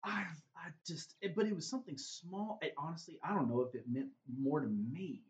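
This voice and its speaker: His voice sits on the high side, fairly quick and a little mellow, with big swings in pitch as he earnestly shares his faith story as a guest, saying "man" often. The recording is roomy and slightly dull, with a bit of background noise.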